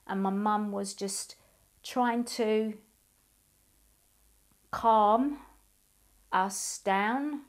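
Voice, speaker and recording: Woman in her 40s, emotional halting testimony, lots of ums and pauses. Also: medium pitch. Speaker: abuse survivor sharing her story. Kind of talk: personal testimony.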